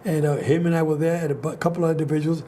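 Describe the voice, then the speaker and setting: An older man hosts a casual talk show, telling long stories in a rambling way and restarting his sentences often. He talks quickly in a slightly high, mellow voice. A faint hiss sits under the recording. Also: steady tone. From New York. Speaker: host. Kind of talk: casual chat.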